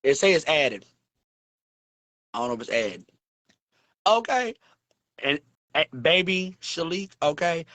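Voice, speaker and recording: A man hosting a casual livestream, talking in a flamboyant, sassy and profane way, with big swings in pitch. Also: sing-song, measured pace, long pauses, a bit bright, no echo. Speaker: livestream host.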